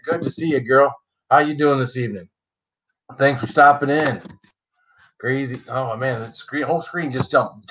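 Guy hosting a live stream, bright voice, reading off names, kinda lo-fi audio. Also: medium pitch, a little hiss or hum. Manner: chatty, greets viewers by name, jokey. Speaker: livestream host. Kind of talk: casual live-chat greetings.

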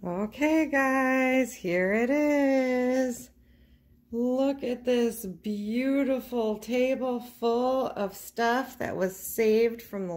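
A middle-aged woman vlogging casually, excitable and gushing, often giggling, first from a car at night, then at a table indoors. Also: a little high. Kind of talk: casual vlog chat.

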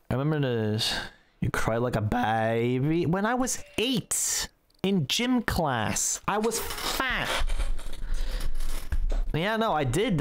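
Foul-mouthed gamer. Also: male voice, medium pitch. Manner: profane, rambling storytelling. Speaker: gaming streamer. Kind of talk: casual gameplay commentary.

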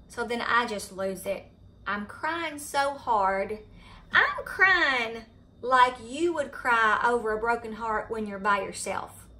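A middle-aged woman with a Southern US accent telling a story to her viewers in a chatty, animated way. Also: fairly high pitch, unhurried. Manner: chatty, animated retelling of a scary event. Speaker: vlogger. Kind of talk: casual storytelling to camera. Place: home, indoors.

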